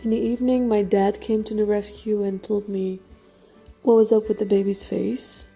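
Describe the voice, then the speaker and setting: A young Dutch woman, a native Dutch speaker, talks casually through a studio vlog about her painting. Her voice is mellow and soft-edged, and she fills her talk with "like" and small laughs. She sounds slightly out of breath. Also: medium pitch, flat delivery, normal speed, slightly rough, soft background music. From Netherlands. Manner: chatty, filler-heavy, laughs often. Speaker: portrait painter.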